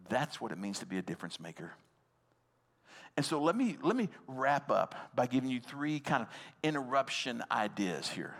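A man's voice: medium pitch, expressive, brisk, a bit bright. A male pastor delivering a sermon, speaking conversationally and turning to the congregation with direct questions. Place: church hall with a live congregation. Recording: long hall reverb.

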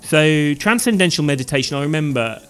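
A man co-hosting a casual podcast, animated and reading facts aloud with hesitant restarts. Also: on the high side, brisk, clean tone, faint music behind. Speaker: podcast co-host.

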